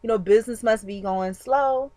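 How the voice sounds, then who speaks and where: A woman telling a story to her viewers in a casual, animated, chatty way, with frequent fillers and laughs. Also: a little high, normal speed, dry recording, soft background music. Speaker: vlogger.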